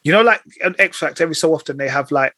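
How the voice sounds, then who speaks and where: A young man hosts a relaxed chat, his voice bright and a little husky. He talks in loose, slangy runs full of fillers, and the sound is close and dry. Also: a little high, very fast, dry recording. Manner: laid-back slangy talk with many fillers. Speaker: podcast host. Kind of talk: casual chat.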